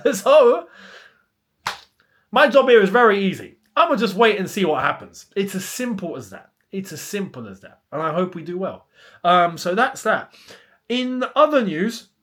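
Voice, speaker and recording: A man's voice: high voice, lively intonation, normal speed, fairly bright tone. A young man, hosting a casual football chat and ranting with plenty of rhetorical questions. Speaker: football channel host.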